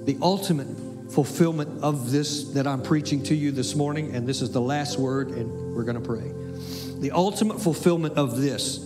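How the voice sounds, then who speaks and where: A pastor, preaching with emphatic repetition and folksy asides, sometimes dropping to a soft, near-whispered delivery. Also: male voice, medium pitch, moderate pace, music in the background. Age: 60s. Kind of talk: sermon.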